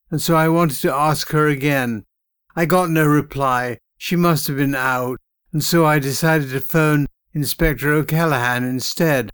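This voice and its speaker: A man reading a first-person audiobook in a steady, measured storytelling manner. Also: on the high side, clean tone, no echo, clean studio sound. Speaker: audiobook narrator.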